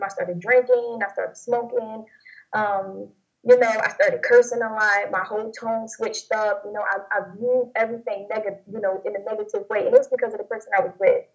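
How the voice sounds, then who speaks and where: Young woman telling a halting personal story. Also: mid-range voice, creaky. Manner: rambling, halting, many fillers and restarts. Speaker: guest sharing testimony. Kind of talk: personal testimony interview. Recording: dull lo-fi audio.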